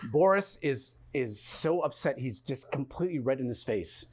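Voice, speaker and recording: Animated New comedian telling a story. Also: male voice, mid-range voice, normal speed. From New York. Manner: animated, stumbling over words in excitement. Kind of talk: one-man comedy storytelling. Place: theatre stage.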